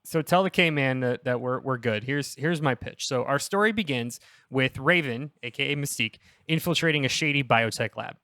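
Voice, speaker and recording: A young man on a casual comedy podcast, pitching a story in a rambling, self-interrupting way and laughing at his own jokes. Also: normal speed, bright, forceful tone, no echo, studio quality.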